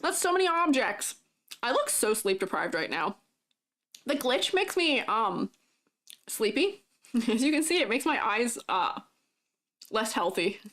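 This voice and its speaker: A woman's voice: fairly high pitch, big pitch swings, measured pace, long pauses, fairly bright tone. A woman livestreaming as a 3D artist, chatting casually and giggling often while reading messages from her viewers. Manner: giggly, chatty, reads chat aloud; talks while eating. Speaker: streamer and 3D artist.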